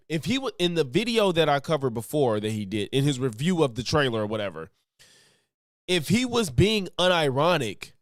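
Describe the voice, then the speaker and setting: A man's voice: on the high side, no room sound, clean studio sound. A man streaming a casual reaction commentary, rambling through restarts and self-corrections and laughing often.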